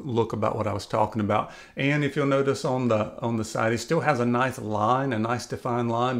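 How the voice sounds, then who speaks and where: A man's voice: medium pitch, gravelly. A man hosting his own beard channel, talking casually and chattily with lots of fillers as he gives beard advice. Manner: relaxed and chatty, frequent "uh" and "kinda". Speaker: YouTube beard channel host. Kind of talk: casual video commentary.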